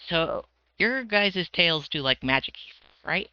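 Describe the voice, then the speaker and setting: A man voicing a shy young fawn boy with goat ears, who asks curious, soft-spoken questions, on slightly dull lo-fi audio. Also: on the high side, expressive, takes it slowly, clear, resonant tone, no echo.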